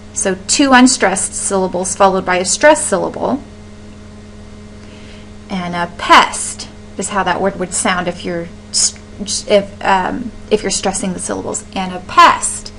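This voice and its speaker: A woman teaching a recorded lesson over slides, chatty and patient, often pausing to restart her sentences. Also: medium pitch, a little hiss or hum, rough recording. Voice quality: chatty, full of fillers and restarts. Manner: explains patiently, laughs now and then.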